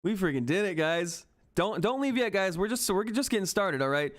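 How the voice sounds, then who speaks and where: A man hosting a stock trading livestream, giving excited market commentary and constantly addressing viewers as guys. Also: high-pitched, moderate pace. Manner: excitable, keeps addressing viewers as guys and asking "all right?".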